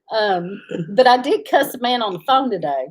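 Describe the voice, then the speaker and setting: A woman, chatting casually as co-host of a livestream, laughing often as she tells stories. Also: on the high side. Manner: laughs often, drawling storyteller. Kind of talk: casual live chat.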